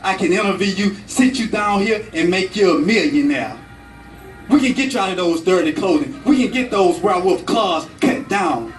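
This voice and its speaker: A man's voice: high voice, animated, moderate pace, soft background music. A man voicing a bossy female news reporter who talks in a pushy, commanding way. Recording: echoey room, from far off.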